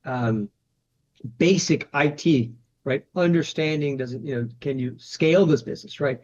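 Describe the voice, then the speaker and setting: A man's voice: on the high side, moderate pace, darkish tone. Chatty man, slightly muffled recording. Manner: conversational, frequent "you know" and "right?" tags. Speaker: private equity managing director, guest. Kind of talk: casual interview talk.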